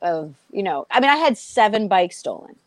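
In a relaxed interview, a young female comic from Massachusetts tells sarcastic stories in her Boston-area accent, animatedly performing each character's voice. Her voice sits in the mid range, her pace is moderate, and there's no echo.

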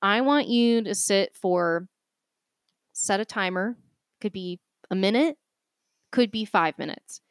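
A woman's voice: medium pitch, takes it slowly, long pauses, smooth, dry recording. Casting: woman, Boston accent, chatty podcast co-host, practical, dry close sound. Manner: chatty, giggly, practical advice-giving. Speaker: podcast co-host, nutrition coach. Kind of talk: casual chat.

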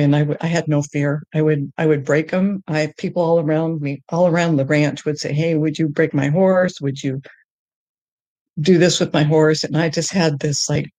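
Middle-aged woman, lowish voice, halting testimony with restarts, rising high and excited at the joyful parts. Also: no echo. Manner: halting, with many restarts and fillers; grows high and excited when telling of joy. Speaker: guest sharing her testimony. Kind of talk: personal testimony in conversation.

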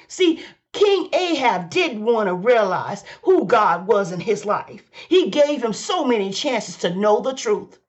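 A woman's voice: high-pitched, highs cut off. A woman preaching a fervent sermon, repeating lines for emphasis and calling out to her listeners. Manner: exclaims and hums between phrases.

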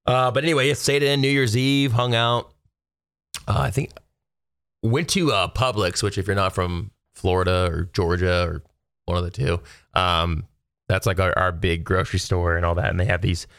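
A man with a lowish, smooth, resonant voice talks straight to his viewers in a loose monologue. He rambles and rants in exasperation, full of "uh" and "I mean". The sound is close and dry, with no room around it. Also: fairly even intonation, moderate pace, a bit bright, dry recording. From Texas. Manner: rambling, exasperated ranting with many fillers. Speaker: solo video host. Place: at home.

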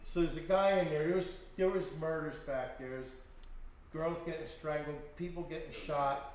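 A man with a slightly high-pitched voice recounts hard stories from his past as an author guest. He talks in an animated, profane way and acts out other people's lines. The recording is very echoey, with a faint noise underneath. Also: moderate pace. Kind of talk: storytelling in conversation.

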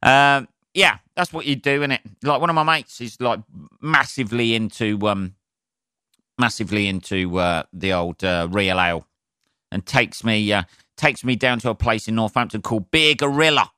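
A man with a Southern English accent rants solo on his podcast, swearing freely and tossing jokey asides to his listeners. His voice is bright and forceful, smooth and clear, recorded close and dry with no room echo. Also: fairly low pitch, normal speed. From southern England. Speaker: podcast host, stand-up comedian.

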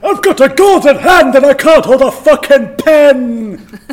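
A man putting on a frustrated knight with a golden hand, ranting loudly and slowly. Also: very high voice, lively intonation, slight background noise, voice pushed up. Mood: exasperated. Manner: loud, drawn-out ranting.

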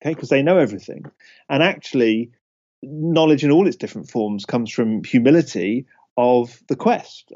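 A man talking as a podcast guest, at a middle pitch, explaining with emphatic, animated energy. He keeps checking that the listener is following. The recording sounds somewhat dull and lo-fi. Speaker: podcast guest, speaker on risk.

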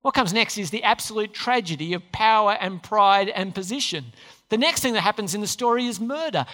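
Preacher, sermon, animated and questioning, long reverb from a large church hall. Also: mid-range voice. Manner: storytelling with rhetorical questions, acted-out quotes.

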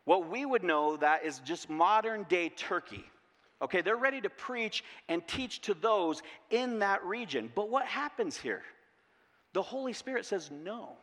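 Guy preaching in a church, slightly high voice, lively, repeats stuff, lots of hall reverb. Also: unhurried. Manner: lively, repeats key phrases, asks rhetorical questions. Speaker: pastor. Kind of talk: sermon.

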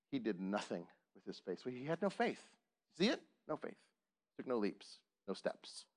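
A man's voice: mid-range voice, very animated, normal speed, a bit bright. Man preaching with lots of rhetorical questions. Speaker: pastor. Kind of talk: sermon.

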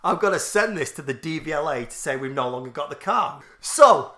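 Sweary uk podcast guy, kinda high bright voice, riffing on dumb stories. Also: animated, fairly quick. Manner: sweary, mock-serious, goes off on tangents. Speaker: podcast co-host. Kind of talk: crude comedic banter.

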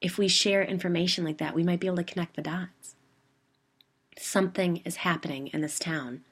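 A woman voicing an eager, insistent female paranormal theorist in a spoken story, close to her own low-pitched voice. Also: fairly even intonation, fairly quick, slightly rough. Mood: earnest.

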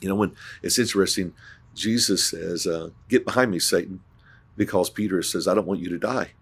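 A man's voice: low voice, fairly even intonation, a little fast, slightly rough. A man, a pastor, telling an earnest story on a podcast and acting out the dialogue, with frequent restarts.

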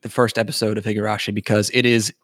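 A man with a lowish, level voice talks fast over crowd noise while co-hosting a casual anime discussion podcast. He's laid-back, swears casually, and trails off with fillers.

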